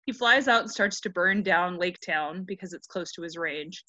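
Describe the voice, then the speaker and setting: A woman's voice: lowish voice, normal speed, bright, forceful tone, no room sound. Female podcast co-host, joking and irreverent delivery; slightly lo-fi, dry audio. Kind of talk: casual chat with profanity.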